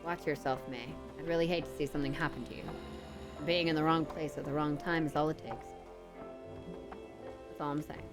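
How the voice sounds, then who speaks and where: A woman streamer reading the lines of a stern small-town police officer in a low, quiet, ominous tone. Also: fairly even intonation, brisk, pauses often, over music, natural voice.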